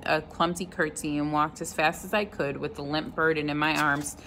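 Woman reader, low voice, steady read-aloud of a novel. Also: slight background noise, rough recording. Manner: unhurried, stops to comment on the story.

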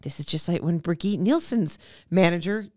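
A woman guest on a comedy podcast, telling stories in an animated, quick-witted way. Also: lowish voice, no echo, clean studio sound. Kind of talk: comedic casual chat.

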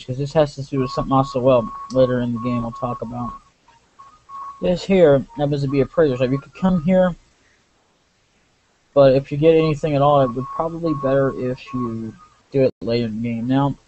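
A man's voice: medium pitch, a little fast, warm tone. A man giving rambling, casual commentary over a game he plays, full of asides and restarts. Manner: rambling, many fillers and restarts. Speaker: let's play commentator. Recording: muffled lo-fi with faint hiss.

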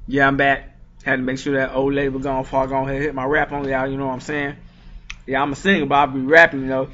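A man with a worn-out voice doing a crude comic rap parody, given to loud outbursts. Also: medium pitch, little pitch movement, fast talker. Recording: dull lo-fi recording with music.

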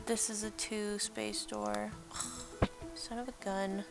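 Over loud music, a young woman speaks slowly in a flat, gravelly, mid-range voice. She gives rambling let's-play commentary while building, chatting away, poking fun at herself, and laughing often.

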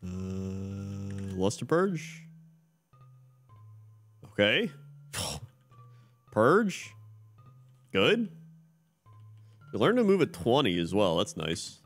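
A man's voice: mid-range voice, wildly swooping pitch, slow, pauses often, a bit bright, soft background music. A male streamer giving laid-back, wry live commentary on his own game play.

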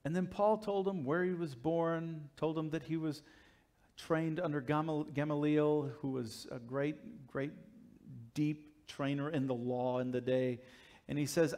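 A man preaching a sermon with a fairly high voice. He tells the story vividly and gives the characters quick lines. His delivery shifts from loud, emphatic passages to quiet, low asides. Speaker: pastor.

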